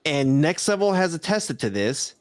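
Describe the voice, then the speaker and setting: Man, Southern Californian accent, slightly high voice, rambling casual podcast chat, dry close sound. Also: very animated, normal speed, dry recording. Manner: rambling, laughs often, reads out chat messages. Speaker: podcast co-host. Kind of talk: casual live-stream chat.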